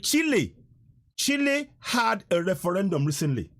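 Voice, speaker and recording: A man's voice: high-pitched, sing-song, normal speed, a bit bright. A man with a Nigerian accent, hosting a political livestream and mixing Pidgin with English, repeating himself to drive his point home. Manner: preachy, repeats lines, mixes Pidgin and English. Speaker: livestream host.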